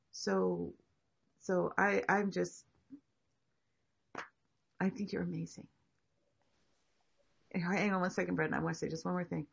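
A woman facilitating a group discussion, reflective and encouraging, talking in halting restarts. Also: mid-range voice, vocal fry, slightly rough, dull audio.

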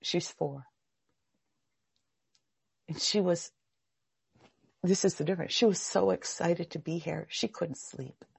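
An older woman leads a meditation class in a soft, husky voice that has some breath in it. She tells stories in a chatty way, laughing and restarting her sentences. The sound is dry and close to the mic. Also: fairly low pitch, slow pace, long pauses, no echo. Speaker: meditation teacher. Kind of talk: workshop talk with personal stories.

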